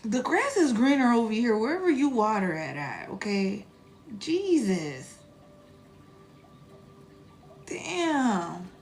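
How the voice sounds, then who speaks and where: Animated, profane woman streaming live. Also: on the high side, unhurried. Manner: animated, profane, laughing asides. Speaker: spiritual reader streaming live. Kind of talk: casual live-stream chat.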